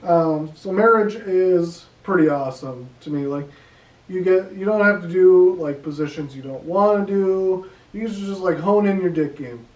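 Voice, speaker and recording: Young man doing stand-up at home, fairly high voice, rambling with lots of fillers, recorded from across an echoey room. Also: normal speed, darkish tone, far from the mic, lo-fi sound. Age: young adult. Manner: rambling, filler-heavy delivery with many ums and likes. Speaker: stand-up comedian. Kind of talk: casual stand-up set.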